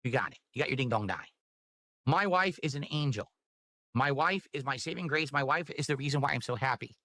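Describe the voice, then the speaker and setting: A man's voice: mid-range voice, lively intonation, brisk, bright, forceful tone. A man livestreaming, talking in a rambling, pleading, sentimental way. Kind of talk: casual livestream talk.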